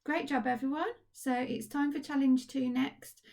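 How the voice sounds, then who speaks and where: A woman's voice: high-pitched, fairly even intonation, normal speed, gravelly, a little mellow. A woman teacher giving a recorded phonics lesson to young children, upbeat and encouraging. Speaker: primary school teacher. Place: at home.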